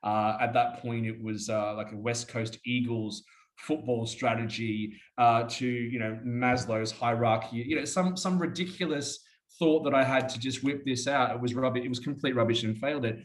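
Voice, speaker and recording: A man's voice: medium pitch, fairly even intonation, moderate pace. An Australian man telling stories as an interview guest in a rambling, chatty way. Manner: rambling, chatty, often says "mate". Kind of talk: casual storytelling chat.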